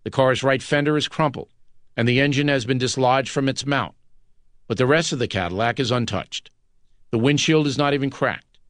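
This is scripted narration of a nonfiction audiobook, delivered by a man in a measured, dramatic style. His pitch is ordinary and middle-range with a fairly bright tone, and the recording is dry and close with no room sound.

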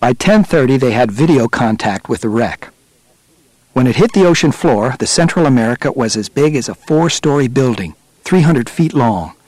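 A man's voice: medium pitch, no room sound. Man narrating a story, dry close sound. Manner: steady, measured storytelling. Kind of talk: audiobook narration.

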